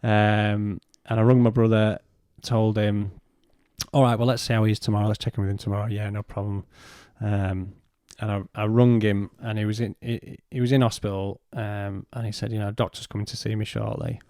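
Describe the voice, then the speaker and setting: A man, a podcast guest, telling a personal story in a halting way and retelling what was said in his own words. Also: fairly low pitch, little pitch movement, dark tone, dry recording, clean studio sound.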